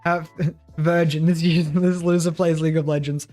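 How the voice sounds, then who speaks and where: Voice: medium pitch, flat delivery, normal speed, a little mellow, soft background music. Streamer, casual chat to viewers, loose jokey swearing, mid-range voice, lots of chuckles. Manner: loose and joking, laughs often and swears; talks to self while working, trailing off mid-sentence. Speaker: livestreamer.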